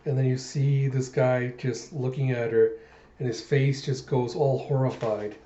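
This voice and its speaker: Chatty man with a mellow voice. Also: mid-range voice, measured pace. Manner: animated, chatty. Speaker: manga reader. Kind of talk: casual comic readthrough. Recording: muffled, echoey room.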